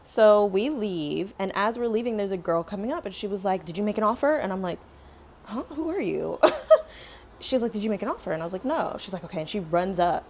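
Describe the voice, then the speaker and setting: A young woman vlogger chatting casually as she tells a story, acting out quotes with lively, dramatic flair. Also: medium pitch, quick pace, a little hiss or hum. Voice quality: animated, dramatic retelling with acted-out quotes.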